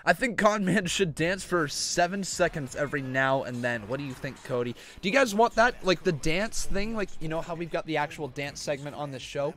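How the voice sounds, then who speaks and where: A man hosting a wrestling reaction live stream, chatting with viewers and calling the action, breaking into shouts at big moments. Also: a little high, lively intonation, moderate pace, few pauses. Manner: chatty, talks to viewers, fillers like "like" and "uh". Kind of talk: live-stream play-by-play commentary and chat.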